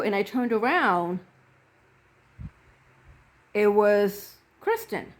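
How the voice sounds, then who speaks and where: A woman's voice: mid-range voice, animated, takes it slowly. A woman reverend telling a personal story to camera in an earnest way, acting out the quoted dialogue.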